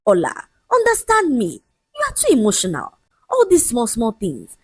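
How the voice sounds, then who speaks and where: A woman's voice: a little high, huge pitch swings, breathy edge, no room sound, pitched above the performer's own voice, exaggerated voice. A woman playing a shameless cheating man. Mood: mocking. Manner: mocking, lecturing, raised and quick. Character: arrogant cheating young man, dismissive and shameless.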